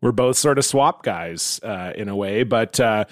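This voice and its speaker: A man's voice: lowish voice, animated, measured pace, no room sound, clean studio sound. A man hosting a casual comedy podcast who talks in a joking, self-deprecating way and swears at his own slips. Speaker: podcast host.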